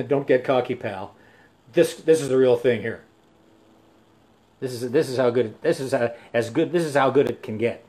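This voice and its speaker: A man's voice: mid-range voice, a little mellow. An older man, a musician hosting his own live stream, telling rambling stories between songs with many restarts and fillers. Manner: halting, full of restarts and fillers.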